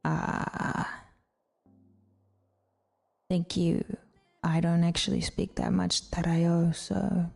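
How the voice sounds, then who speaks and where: A woman's voice: fairly low pitch, flat delivery, extremely slow, vocal fry, pauses often, faint music behind. A woman chatting casually on a stream, rambling and sometimes dropping into a whisper. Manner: rambling, slips into hushed whispers.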